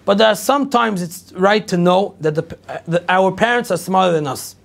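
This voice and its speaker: A middle-aged rabbi tells a long personal story to an audience, lively and full of repetition. His voice sits high for a man and has a gravelly, creaky edge. He acts out everyone's lines as he goes. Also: normal speed. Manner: animated storyteller acting out dialogue, repetitive. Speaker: rabbi lecturer.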